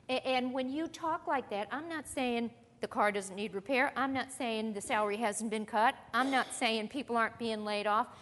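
A woman teaching a sermon in a conversational, emphatic way, slowing down on key phrases and drifting into chatty asides. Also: a little high, a bit bright. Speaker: Bible teacher. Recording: long hall reverb.

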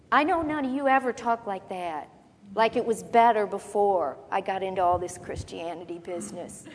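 A woman preaching a sermon, teaching from the Bible in a conversational, animated way with quick asides. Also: mid-range voice. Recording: long reverb of a large hall.

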